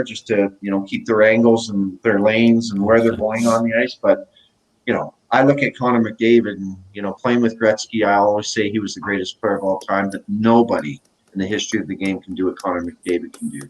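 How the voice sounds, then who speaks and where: A middle-aged man, a former pro hockey player, casually telling animated stories in a podcast interview and acting out the quotes. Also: on the low side, poor audio. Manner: animated anecdotes, acts out quotes.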